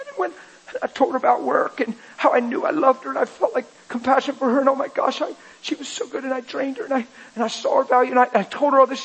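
A man preaching a sermon, telling an emotional personal story and building to loud, fervent passages. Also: very high voice, steady tone, quick pace, creaky, breathy edge, low-quality recording.

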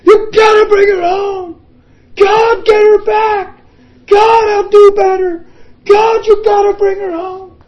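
A frantic, heartbroken husband, as a preacher puts him on, wails at God. The voice is pushed very high and very loud, cracking with tears. The shouting rings a little off the mic on a slightly dull recording. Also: male voice, flat delivery, slow pace. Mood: frantic, crying. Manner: shouting and crying, high and strained. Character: distraught grown husband, frantic, sobbing at God.

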